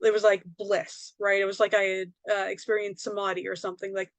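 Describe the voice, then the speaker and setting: Woman medium chatting about her life, rambly, lots of "like" and "right?", mid pitch, dry close sound. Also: flat delivery, a little fast, no room sound. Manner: rambling, many fillers and tag questions. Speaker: psychic medium and author, guest. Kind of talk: casual personal storytelling.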